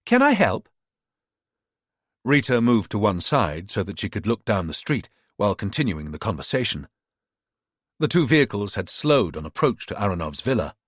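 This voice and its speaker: Lively low-voiced male audiobook narrator. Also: a little fast, husky, dry recording, studio quality.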